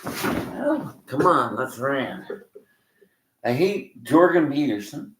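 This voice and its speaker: A man's voice: medium pitch, very animated, takes it slowly, echoey room. An older Canadian man delivering a blunt, cursing rant, laughing between complaints. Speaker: vlogger. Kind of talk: ranting monologue.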